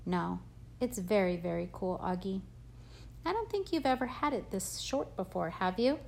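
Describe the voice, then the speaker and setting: A woman reading an audiobook, voicing an affectionate father who talks to his son gently and jokingly. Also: mid-range voice, animated, moderate pace, gravelly, slight background noise. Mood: fond. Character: fond, gently teasing father of a boy. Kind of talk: audiobook character voice.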